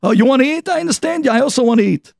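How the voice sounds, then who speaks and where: A man's voice: extremely high pitch, lively intonation, very fast, creaky, a little mellow, no echo, studio quality, voice pushed up, heavily acted. A man voicing a careless, clueless young man babysitting an infant, breezy and dismissive. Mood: fretful.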